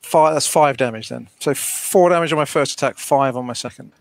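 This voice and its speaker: A man playing in a tabletop game, deliberate and wry, asking careful rules questions. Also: medium pitch, gravelly. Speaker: player. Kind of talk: casual tabletop play.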